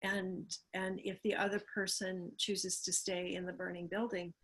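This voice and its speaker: Husky-voiced woman, thoughtful guest. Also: fairly low pitch, flat delivery, fairly bright tone. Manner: earnest, thoughtful, pauses with fillers. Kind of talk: reflective conversation.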